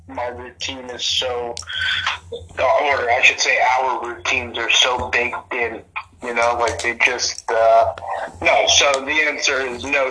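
A man's voice: mid-range voice, bright, forceful tone, a little hiss or hum, poor audio. A young man, a podcast host, chatting casually in an easygoing, laid-back way.

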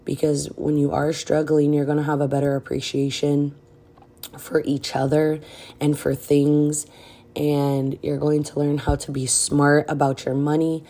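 A woman with a low, dark, mellow voice gives casual podcast advice, frank and direct with plenty of fillers. She sounds out of breath the whole time. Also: level tone, measured pace. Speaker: podcast host.

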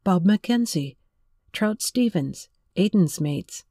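A narrator voicing a lonely, tearful young woman who speaks gently and pleadingly, in an audiobook reading. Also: on the low side, expressive, slow pace, no room sound, studio quality, exaggerated voice.

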